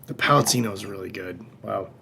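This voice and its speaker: A man's voice: fairly low pitch, steady tone, fairly quick, vocal fry, crowd noise. A middle-aged man hosting a livestreamed wine tasting class. He talks in a casual, joking, loose way and swears now and then. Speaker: wine shop host.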